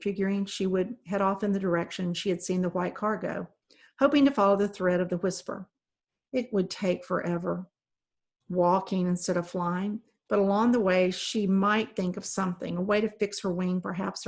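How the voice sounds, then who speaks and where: A woman reads a children's novel aloud, narrating in steady, even storytelling. Her voice sits at a middling pitch. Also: normal speed, vocal fry. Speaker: reader.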